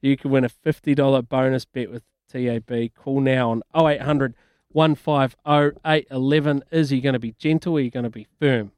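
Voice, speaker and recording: A chatty man co-hosts breakfast radio, teasing and upbeat. His voice sits at an average pitch and sounds dry and close to the mic. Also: steady tone, brisk, a little mellow, clean tone, no echo. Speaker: radio co-host.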